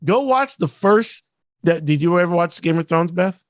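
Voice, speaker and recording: A man's voice: sits high, dry recording. Ranting man on a podcast. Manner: ranting, animated, mocks actors in quick put-on quotes. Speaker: podcast co-host. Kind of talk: casual chat.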